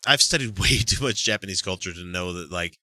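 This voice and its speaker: Bright, laughing male podcast co-host. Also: deep voice, a little fast, no echo, studio quality. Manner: laughs often, profane, rambling. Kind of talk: casual chat.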